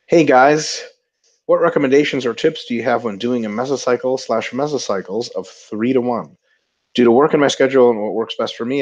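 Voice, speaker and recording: A man's voice: medium pitch, highs cut off. A man co-hosting a casual webinar, reading viewer questions aloud and joking between answers. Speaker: webinar co-host.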